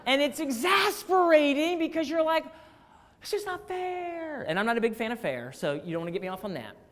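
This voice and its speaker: A man speaking to a live audience of staff, telling a story with animated quoted dialogue. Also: very high voice, fast. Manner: animated, acts out phone calls in quoted voices. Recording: long reverb of a large hall.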